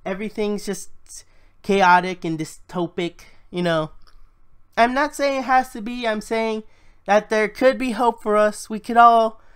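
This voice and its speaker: A woman's voice: medium pitch, measured pace, smooth. A woman in a solo vlog, ranting about the economy in a heated, frustrated way with plenty of swearing. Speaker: vlogger. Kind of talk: solo political rant.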